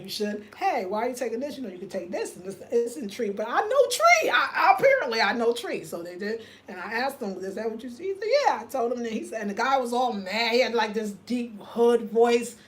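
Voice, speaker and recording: An older woman telling a story in a casual, animated way, swearing and acting out the other people in it. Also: a little high, a little fast, hardly any pauses. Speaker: vlogger.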